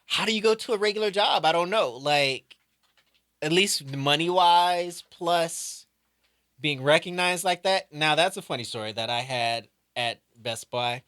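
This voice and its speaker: A man's voice: a little high, a little slow, clean tone, dry recording, clean studio sound. A man co-hosting a comedy chat, jumping in with jokes and acted-out voices. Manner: animated, jumps in with jokes and quoted voices. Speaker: comedy podcast co-host.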